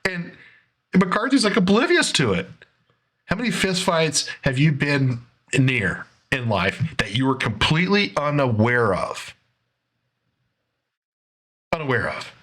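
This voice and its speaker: A man's voice: a little high, sing-song, measured pace, pauses often, a bit bright. Sarcastic man narrating a commentary video. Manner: sarcastic, breaking down footage; conversational, with fillers and restarts. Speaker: commentary show host.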